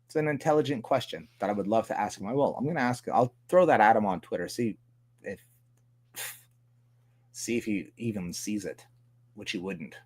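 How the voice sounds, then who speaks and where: A man's voice: fairly low pitch, normal speed, long pauses, darkish tone, slightly rough. A man with a Canadian accent hosting a livestream, ranting casually with heavy swearing and frequent laughs. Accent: Canadian English. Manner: profane, ranting, laughs often. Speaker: livestream host.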